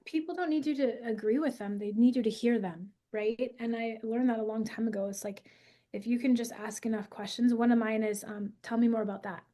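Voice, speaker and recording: A woman in her forties, a podcast guest and school founder, talking in an energetic, emphatic coaching tone. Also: on the high side, a little fast. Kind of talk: podcast conversation.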